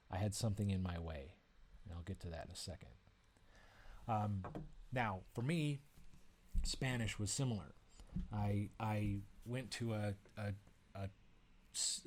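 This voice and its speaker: A man, an author and educator, explaining ideas through personal stories in a relaxed spoken lesson, with fillers and restarts and lively bursts when he acts out quoted speech. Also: on the low side. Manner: animated storytelling, acts out quoted outbursts; conversational, with frequent fillers and restarts.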